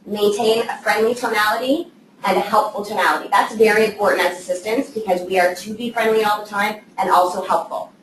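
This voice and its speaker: A woman of middle pitch talks a small group through phone-handling tips in a casual classroom manner, often pausing to ask whether everyone is following. She is picked up from across the training room, so her voice sounds distant and echoey. A faint background noise runs underneath. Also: steady tone. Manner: conversational, checks in with "okay?". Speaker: trainer for real estate assistants.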